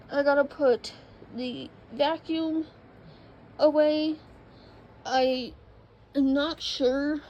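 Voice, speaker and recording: A woman's voice: sits high, darkish tone, low-quality recording. A woman vlogging in casual chat inside an RV, rambling with lots of ums as she moves around. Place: indoors in an RV.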